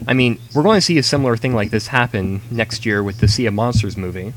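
A man's voice: fairly low pitch, fast talker, noisy background. A man co-hosting a casual podcast chat, giving opinions and thinking aloud as he talks. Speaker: podcast co-host.

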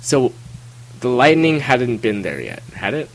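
A man's voice: medium pitch, sing-song, measured pace, slight background noise, low-quality recording. A man co-hosting a casual book discussion, asking questions and thinking aloud. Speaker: podcast co-host.

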